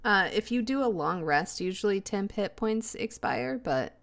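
A woman's voice: medium pitch, animated, moderate pace. A woman playing a tabletop role-playing game, reading out spell rules in a matter-of-fact way. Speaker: player.

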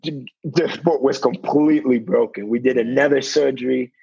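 A man's voice: medium pitch, steady tone, moderate pace, creaky, warm tone, husky, no echo, lo-fi sound. A young man, a basketball player, talking in a casual interview, leaning on "you know" and acting out what people said to him. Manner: fills with "you know", acts out quotes.

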